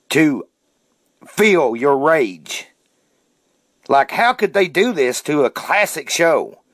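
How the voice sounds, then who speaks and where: Male podcast host, fairly high voice, indignant ranter, dry close sound. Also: a bit bright, no room sound. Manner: indignant, fired-up ranting with cursing. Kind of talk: casual ranting monologue.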